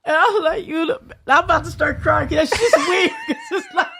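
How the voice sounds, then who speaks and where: In a casual chat on a podcast, a female guest tells blunt, profane stories, laughing a lot and quoting people in their own voices. Her voice is very high with huge pitch swings, a little fast and a bit bright.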